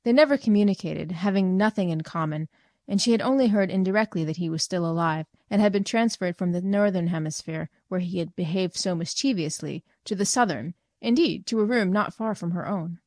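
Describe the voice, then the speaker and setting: A woman reading a short story aloud in measured, clear scripted narration. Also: on the low side, darkish tone, no room sound, studio quality. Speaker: reader.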